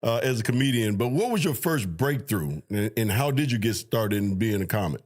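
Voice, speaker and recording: A man co-hosting a podcast, asking relaxed, conversational questions. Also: on the low side, a little fast. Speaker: co-host. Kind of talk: casual interview chat.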